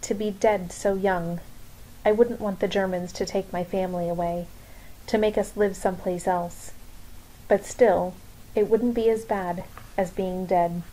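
A frightened young girl speaks softly and sadly in the dark, as a woman reading a storybook gives her voice. The tone stays mellow and low-key. Her words come out hushed. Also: fairly even intonation, unhurried, close to an everyday voice, low-quality recording. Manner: soft and hushed.

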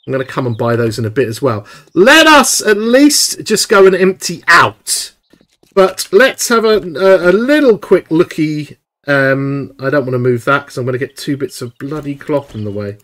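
A young man giving excitable, chatty live commentary while streaming a video game. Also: a little high, moderate pace.

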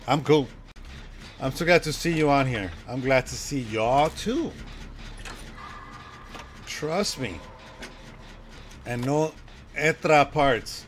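Jumpy, lively-voiced male game streamer. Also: medium pitch, slow pace, pauses often, a little hiss or hum. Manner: jumpy, yelps and laughs at scares, chats with viewers; swears casually. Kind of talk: live-stream gaming chatter.

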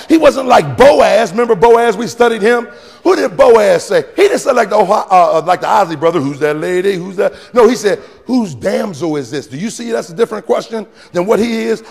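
A male pastor preaching to his congregation with call-and-response and playful teasing, swinging between sudden shouts and quiet asides. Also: high-pitched, vocal fry, breathy edge, long reverb tail. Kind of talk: sermon. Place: church sanctuary with congregation.

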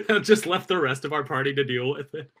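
Bright-voiced rambling male co-host. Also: on the high side. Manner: rambling, many "like" fillers, laughs often. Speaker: podcast co-host. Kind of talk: casual chat about tabletop games.

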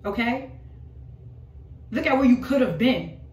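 A woman preaches an informal prophetic word with emphatic, repeated phrases and pointed rhetorical questions. Her fairly high voice carries through a roomy space. She sits some distance from the microphone. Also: expressive, a little slow, darkish tone, dull audio. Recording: roomy voice from off the mic.

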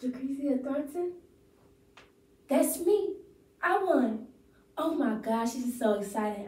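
A woman's voice: fairly high pitch, dark tone, roomy sound, distant mic, natural voice, poor audio. A woman performing a monologue as a breathless, overexcited young woman who thinks she has won a prize. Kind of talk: rehearsed acting-class monologue.

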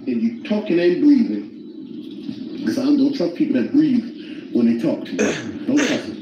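A man riffing casually in profane, animated comedic talk. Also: mid-range voice, a little slow, reverberant, highs cut off, noisy background.

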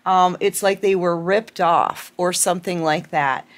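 A woman's voice: lowish voice, steady tone, measured pace. A woman giving a collective tarot reading to her viewers, talking in a chatty, affectionate, rambling way with lots of repeats and fillers. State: out of breath. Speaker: tarot reader.

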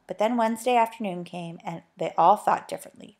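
A woman teacher reading a children's book aloud in an expressive, animated way. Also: medium pitch, fairly quick, few pauses.

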